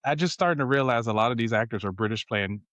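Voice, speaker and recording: A man's voice: mid-range voice, lively intonation, quick pace, a bit bright, no room sound, highs cut off. A middle-aged man from rural Virginia, hosting a casual family podcast in a laid-back, joking way. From rural Virginia, USA. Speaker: podcast host and father.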